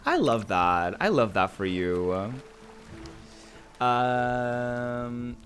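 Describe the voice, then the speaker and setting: Slow, giggly male streamer chatting. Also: medium pitch, very animated, a bit bright, soft background music. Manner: giggly, chatty, reads and answers chat aloud. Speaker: Twitch streamer. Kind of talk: casual chat with viewers while streaming a game.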